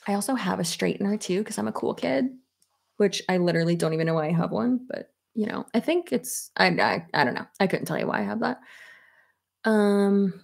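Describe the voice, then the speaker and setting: A woman in her thirties with a gravelly, fry-tinged voice chats casually at home while styling her hair. She rambles from thought to thought and laughs often. Her pitch sits in an ordinary middle range. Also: lively intonation, brisk. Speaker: YouTuber. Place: home office at her desk.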